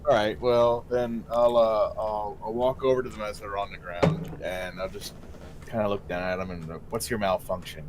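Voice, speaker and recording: A man's voice: fairly low pitch, flat delivery, normal speed, heavy background noise. A man playing a tabletop game, thinking aloud in a hesitant, casual way. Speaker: player.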